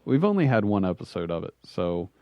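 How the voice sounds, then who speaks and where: A man hosting a casual podcast, relaxed and easygoing as he chats with his guest. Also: sits low, fairly quick, no echo, highs cut off. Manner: relaxed, easygoing, says yeah and mm-hmm a lot. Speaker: podcast host.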